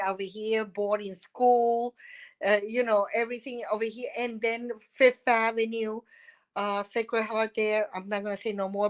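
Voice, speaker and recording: Puerto rican lady, older, high pitched, chats and tells stories, laughs a lot. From Puerto Rico. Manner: chatty, animated storyteller with frequent laughs. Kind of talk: casual chat.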